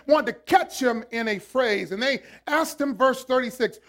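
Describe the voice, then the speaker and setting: A man preaching a sermon as a pastor, swinging from hushed lines to shouted ones. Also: extremely high pitch, normal speed.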